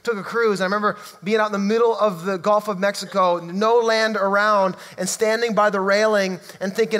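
A man preaching a sermon in a church, emphatic and swinging between loud outbursts and hushed lines. His voice sits high for a man, and the room rings with a long reverb. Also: fairly even intonation, a little fast, few pauses. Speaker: pastor.

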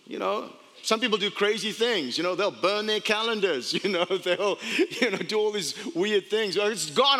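A man with an accent preaching a sermon as pastor, telling stories and jokes with laughs along the way. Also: sits high. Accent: non-American. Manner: animated, jokey storytelling with laughs. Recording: long reverb of a church hall.

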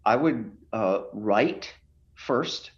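A man's voice: on the low side, lively intonation, drawn-out words, dull audio. A man who is a pastor, speaking emphatically and preacherly as a guest on a podcast over a video call. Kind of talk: podcast interview.

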